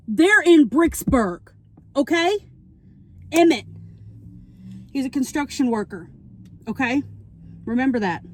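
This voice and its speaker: A young woman vlogger in her parked car, recapping a movie plot in an animated, chatty way while she eats, and she keeps checking in with "okay?". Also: high voice. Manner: talking while eating.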